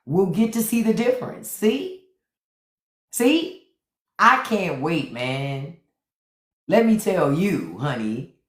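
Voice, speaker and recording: A woman hosts a livestream with sassy, playful comic commentary and repeats her punchlines. Her voice sits on the low side. A roomy echo surrounds her speech, and she reacts quickly to what she sees. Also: big pitch swings. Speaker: livestream host. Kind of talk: casual comedic commentary. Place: indoors, phone livestream.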